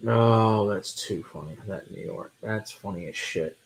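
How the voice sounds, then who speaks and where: A man from Texas with a Texan accent, co-hosting a whiskey show in relaxed, joking chat and swearing freely. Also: lowish voice, unhurried, vocal fry. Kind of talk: casual chat.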